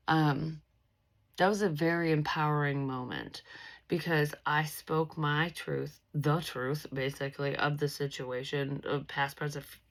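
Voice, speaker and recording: A woman's voice: deep voice, poor audio. A young woman vlogger telling a personal story in a blunt, casual way, swearing freely and restarting her sentences. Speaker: psychic medium vlogger.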